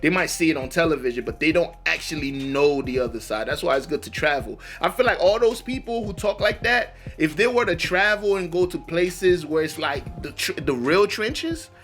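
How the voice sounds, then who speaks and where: Reaction host, male, bright and forceful tone, loose slangy rambling commentary. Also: a little high, normal speed, hardly any pauses, faint music behind. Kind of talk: casual commentary.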